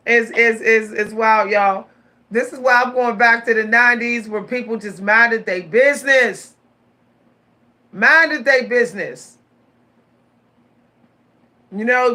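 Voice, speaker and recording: A woman in her forties telling stories straight to her viewers in a casual vlog, animated, repeating her words and laughing often. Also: on the high side. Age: 40s. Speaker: vlogger.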